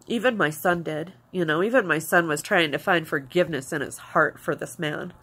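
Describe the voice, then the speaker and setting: A woman's voice: sits low, normal speed, fairly bright tone. A woman vlogger telling a personal story to camera in a confiding, rambling way, with many fillers, close to tears.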